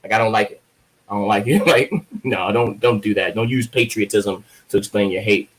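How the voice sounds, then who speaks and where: A man's voice: fairly low pitch, a little fast, poor audio. A man from Baltimore, a guest poet, chatting casually in an interview and telling joking, profane stories. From Baltimore, USA. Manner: joking, profane, lively storyteller.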